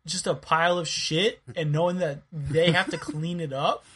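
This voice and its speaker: A man co-hosts a podcast, reacting with incredulity during casual chat. His voice sits on the high side with fairly even intonation, a moderate pace, and a fairly bright tone, with a little hiss or hum.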